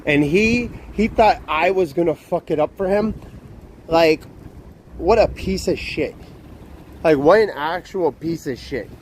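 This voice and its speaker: A man's voice: a little high, measured pace, darkish tone, slight background noise. A young man live streaming outdoors, ranting in a profane, exasperated, repetitive way. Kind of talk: casual live stream talk.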